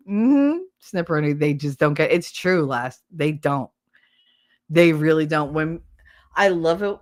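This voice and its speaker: A woman's voice: fairly low pitch, measured pace, a little mellow. A middle-aged woman hosting a livestream, chatting casually and bluntly, rambling from one story to the next. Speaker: livestream host. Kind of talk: casual chat.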